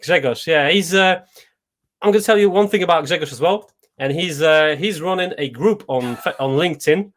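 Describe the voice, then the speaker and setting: A man's voice: a little high, normal speed. Hesitant man hosting a live stream. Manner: hesitant, restarts phrases, relaxed. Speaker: host. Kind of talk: casual live-stream chat.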